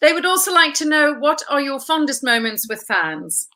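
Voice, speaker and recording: A woman's voice: high voice, sing-song, normal speed, sharp tone. A woman hosting an interview, reading out fan questions in an upbeat, casual way. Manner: upbeat, reads out viewer questions. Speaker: interview host.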